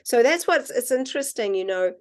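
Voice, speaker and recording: A woman guest in casual conversation, telling animated stories and acting out the dialogue. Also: a little high, brisk. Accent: non-American accent, self-described. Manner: animated storyteller, acts out quoted dialogue. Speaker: guest, water researcher.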